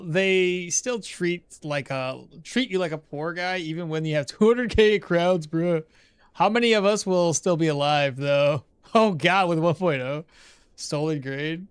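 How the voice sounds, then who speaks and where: Male game streamer, high-pitched, loose rambling chat with frequent chuckles. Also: moderate pace, clear, resonant tone, dry recording. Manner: rambling, chuckles often, trails off into asides. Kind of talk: casual live-stream chat while playing.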